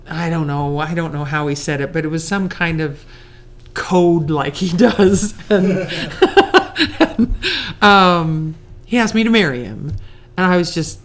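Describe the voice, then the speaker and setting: A woman's voice: fairly low pitch, expressive, slow. A woman telling a personal story in a chatty, self-mocking way, often laughing and acting out what people said. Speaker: storyteller recalling her courtship.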